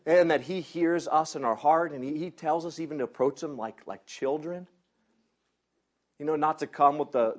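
A man preaching by telling a personal story, animated, laughing often and acting out the people in it. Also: mid-range voice. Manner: animated, laughs often, acts out others in quotes. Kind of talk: storytelling sermon.

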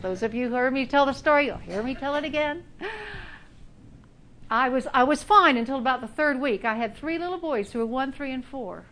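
A woman's voice: high voice, brisk, a bit bright. A middle-aged woman giving a sermon, emphatic and telling personal stories. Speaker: speaker.

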